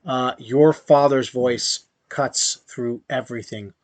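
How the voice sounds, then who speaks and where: A man narrating a tabletop game as game master, in slow, halting speech with fillers. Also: mid-range voice, fairly even intonation, no echo.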